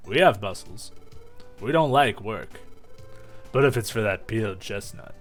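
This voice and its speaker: A man's voice: lowish voice, animated, a little slow, faint music behind. A man voicing a rowdy monkey gang thug from a game, talking with tough-guy swagger. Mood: brash.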